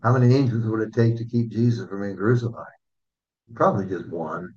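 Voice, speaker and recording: Husky-voiced preacher man, muffled recording. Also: lowish voice, darkish tone. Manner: earnest, asks the congregation questions, slows for scripture. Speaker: pastor. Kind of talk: sermon.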